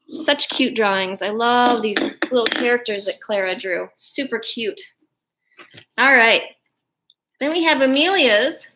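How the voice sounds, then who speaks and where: A woman's voice: fairly high pitch, measured pace, pushed and bright, a little hiss or hum, poor audio. A woman hosting a family show for children, cheerful and chatty as she shows their drawings. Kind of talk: presenting a kids' show.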